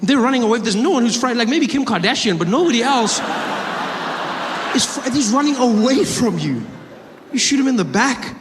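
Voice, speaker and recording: Stand-up comic, male, high voice, lively character work, live theatre hall with long reverb and audience noise. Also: fairly quick. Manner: animated, acts out characters with shifting voices. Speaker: stand-up comedian. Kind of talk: stand-up storytelling.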